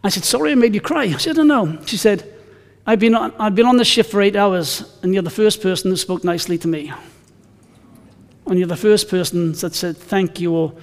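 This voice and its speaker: Male pastor, conversational sermon, high voice, long church-hall reverb. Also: brisk, creaky. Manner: conversational, anecdotal, emphatic scripture reading.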